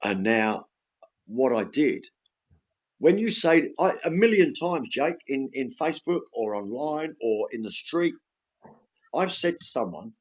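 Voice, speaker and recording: A man's voice: mid-range voice, big pitch swings, a little slow, lo-fi sound. An Englishman telling a story in casual podcast chat, blunt and sweary, acting out the exchanges he quotes. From England. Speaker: podcast guest.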